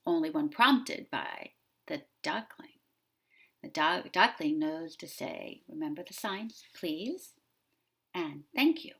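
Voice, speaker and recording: A woman preschool teacher discussing a picture book with young children, asking them gentle questions. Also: on the low side, vocal fry.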